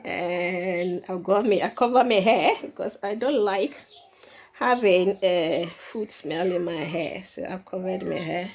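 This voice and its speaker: A woman's voice: mid-range voice, a little mellow, a little hiss or hum. A middle-aged woman from Ghana chatting casually to her viewers as she cooks in her home kitchen, laughing often. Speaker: cooking vlogger. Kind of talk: casual cooking demonstration.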